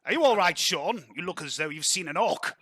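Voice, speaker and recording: A man voicing a blustery, jovial retired admiral lord with a booming, pompous manner. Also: animated, fairly quick, sharp tone, no echo, exaggerated voice. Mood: bluff jovial.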